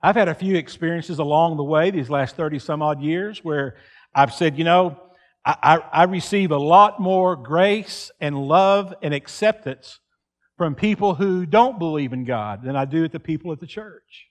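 Male pastor in his fifties, high voice, earnest pulpit delivery. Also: moderate pace. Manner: earnest preaching, acts out quoted pleas loudly. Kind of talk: sermon. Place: church.

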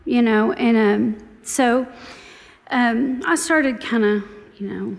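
A woman's voice: medium pitch, creaky, slightly rough, in a large hall. A woman in her forties telling her personal story to her church in a chatty, storytelling way. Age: 40s. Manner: chatty, storytelling, warmly grateful. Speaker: church member giving testimony. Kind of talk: personal testimony.

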